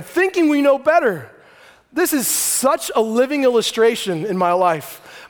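High-voiced animated male pastor in a hall. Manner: animated, joking storyteller. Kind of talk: sermon. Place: large hall before a congregation. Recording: long hall reverb.

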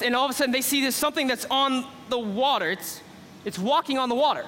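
A man preaching an animated sermon, retelling a story excitedly and acting out the characters. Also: very high-pitched, brisk, a little hiss or hum. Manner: excitable, acts out characters, drops to a hush for drama. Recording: long hall reverb with faint ambience.

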